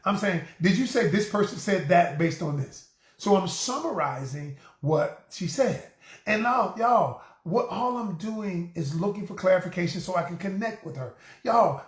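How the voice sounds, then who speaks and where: Animated high-voiced male coach, echoey room. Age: middle-aged. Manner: animated, preachy, addresses listeners as y'all. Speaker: relationship coach and host. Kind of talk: motivational talk to camera.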